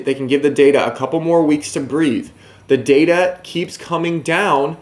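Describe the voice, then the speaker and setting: A man giving casual market commentary to camera, brash and emphatic, often mocking his viewers. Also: a little high.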